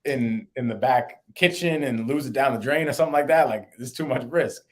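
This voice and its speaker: A young man, co-host of a podcast, telling a story in casual chat and acting out quotes in a higher voice. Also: fairly quick. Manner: animated, acts out quotes in a higher voice.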